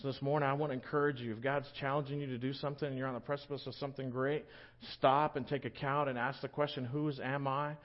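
A male pastor preaches in a relaxed, joking, storytelling way. His voice sits at a middle pitch. The recording is dull and lo-fi. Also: fast talker. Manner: conversational, joking, animated storytelling. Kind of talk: sermon.

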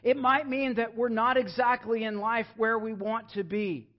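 A young man with a notably high voice delivers a church sermon, earnest and pleading, dropping to quiet intimacy at times. The recording sounds dull and lo-fi, like a plain church capture. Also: steady tone, moderate pace. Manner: earnest, rising to emphatic pleading then dropping soft. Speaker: pastor. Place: church sanctuary.

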